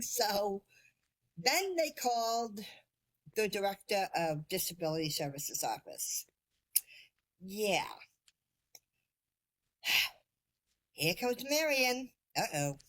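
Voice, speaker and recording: Slow-talking woman telling a story. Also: fairly high pitch. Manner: lively, laughs often, self-deprecating. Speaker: podcast guest. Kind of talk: casual storytelling.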